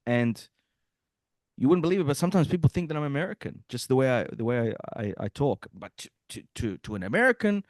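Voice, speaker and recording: A young man with a mixed Australian and Bosnian accent talks as a guest musician, tumbling through tangents and asking whether he makes sense. His voice rises and falls with lively swings. The sound is close and dry, with no room around it. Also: mid-range voice, fast, no room sound. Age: young adult. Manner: rambling, animated, asks if he makes sense. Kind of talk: casual interview chat.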